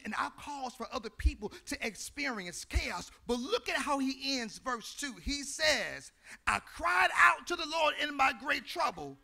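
A male pastor delivers a sermon in a very high, gravelly voice with a bright, piercing edge. He shifts between shouted, sung phrases and low murmurs, carried along by a preaching cadence.

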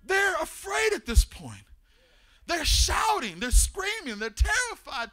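Male preacher, high and bright, very lively delivery, shouts and chants, casual slang. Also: slow. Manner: animated, builds to shouting, chanting cadence. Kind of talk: sermon.

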